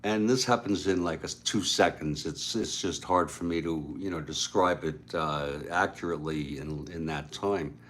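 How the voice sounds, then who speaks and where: A man casually retelling a story aloud, unhurried, with frequent fillers and asides. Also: extremely low pitch, fairly bright tone, slight background noise.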